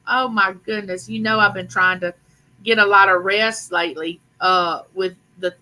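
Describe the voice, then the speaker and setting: An older woman, hosting a casual live chat and talking warmly to her viewers. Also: medium pitch, low-quality recording. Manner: chatty, affectionate, talks to viewers directly. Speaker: live stream host.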